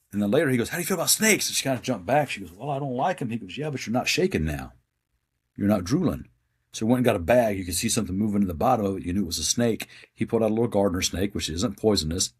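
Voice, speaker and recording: A man's voice: lowish voice, slightly rough. A man who works in a psychiatric hospital, speaking bluntly and with conviction, telling a story and acting out the voices of the people in it. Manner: emphatic, blunt convictions, acts out quoted voices. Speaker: guest working in a psychiatric hospital. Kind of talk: conversational storytelling.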